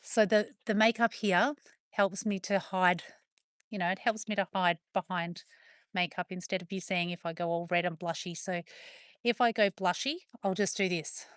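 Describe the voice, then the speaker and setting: A woman's voice: lowish voice, steady tone, moderate pace, dry recording, studio quality. A woman with an Australian accent chatting casually on a live stream from her farm, talking to her viewers and calling to her dogs in turn. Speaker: livestreamer on a farm.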